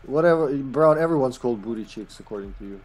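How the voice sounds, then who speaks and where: A man's voice: mid-range voice, animated, fast talker, a little mellow. A man streaming a horror game with friends, trading dry, teasing remarks over voice chat. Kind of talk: casual gaming banter over voice chat.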